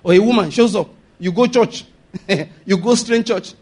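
A Nigerian-accented man preaching a sermon, animated, laughing often and asking the congregation if they follow. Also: high voice, unhurried, breathy edge.

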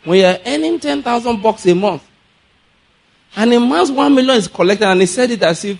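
A Nigerian man preaching a sermon, telling stories in a lively way, laughing often and mixing in pidgin. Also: very high voice, normal speed. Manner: animated storytelling, laughs often, mixes in pidgin. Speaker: pastor.

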